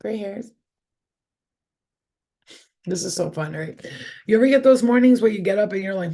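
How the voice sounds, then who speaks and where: A woman's voice: on the low side, moderate pace, pauses often, dark tone. A middle-aged woman giving a casual tarot reading on a livestream, talking candidly with plenty of swearing and rambling stories. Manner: profane, candid, rambling storyteller. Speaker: tarot reader. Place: indoors, in her room.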